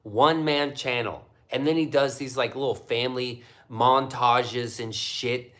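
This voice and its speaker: A man hosts a casual livestream, reading viewer chat and launching into animated rants thick with swearing. His voice is mid-range and his delivery unhurried.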